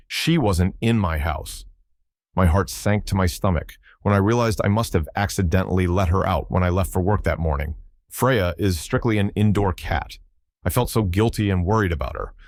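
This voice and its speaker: Deep-voiced guy reading a reddit-style story, steady and even, dry close sound. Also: no echo. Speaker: story narrator. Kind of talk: scripted first-person story narration.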